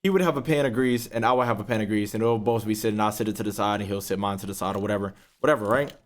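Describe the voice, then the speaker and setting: A young man, casually telling a profane, animated story while playing a game. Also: very fast. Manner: profane, animated storytelling, rising pitch when retelling outrage. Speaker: gaming YouTuber. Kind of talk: casual storytelling over gameplay.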